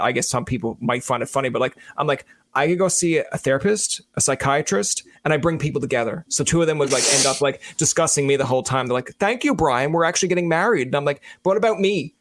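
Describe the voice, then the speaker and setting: A man's voice: mid-range voice, fast, hardly any pauses, a bit bright, no room sound. A man in casual podcast chat, telling self-deprecating stories and acting out his own lines. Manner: joking storyteller who acts out his own lines.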